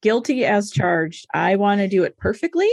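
A woman's voice: mid-range voice, sing-song, gravelly, dry recording, clean studio sound. A woman from the US Northeast hosting a casual podcast, chatty and encouraging. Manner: chatty and encouraging, with quick laughs.

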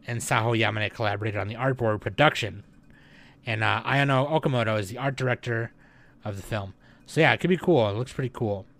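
A young man hosting a news podcast, reading headlines and adding relaxed offhand comments with lots of fillers. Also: mid-range voice. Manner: reads headlines, then adds relaxed offhand remarks with many fillers.

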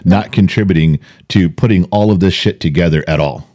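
A man's voice: low-pitched, fairly quick. An older man co-hosting a podcast, telling stories in casual chat and acting out the voices of people in them. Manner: animated storyteller, acts out voices. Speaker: podcast co-host.

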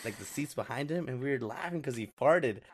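Man, 20s, average pitch, podcast co-host, casual slangy storyteller, laughs as he talks. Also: expressive, brisk, slight background noise. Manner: laid-back, slangy, laughs through his story. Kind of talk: casual chat, telling a funny story.

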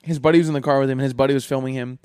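A man's voice: medium pitch, fairly even intonation, rapid-fire, darkish tone, clean tone, no echo, studio quality. A young man in casual podcast chat, retelling stories in a slangy, profane way.

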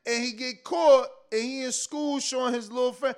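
A man's voice: extremely high pitch, normal speed, hardly any pauses. A man hosting a boxing call-in show, ranting profanely and mocking callers over and over. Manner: profane, mocking, repeats himself. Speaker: boxing podcast host. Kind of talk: taking calls, heated rant.

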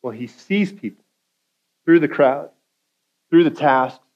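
Preaching man with a slightly high voice. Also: expressive, takes it slowly, highs cut off. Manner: conversational preaching with acted-out quotes, climbing to loud intensity. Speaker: guest speaker. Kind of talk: sermon.

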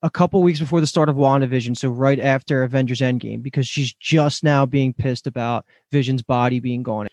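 A man's voice: medium pitch, brisk, few pauses, darkish tone, dry recording. Male co-host, mid-range voice, analytical explainer, dry recording. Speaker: podcast co-host. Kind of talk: casual chat.

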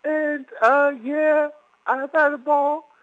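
A man's voice: very high voice, level tone, no room sound. A man voicing a shy, hesitant young woman calling in from a mall, stammering over a phone line. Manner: halting, stammering. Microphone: phone call.

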